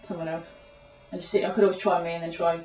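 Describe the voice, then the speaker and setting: Rambling, quick-talking young woman. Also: lowish voice, level tone, darkish tone, slight background noise. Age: young adult. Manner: rambling, nervous, full of restarts. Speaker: student. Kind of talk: casual chat. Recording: echoey room, mic far off.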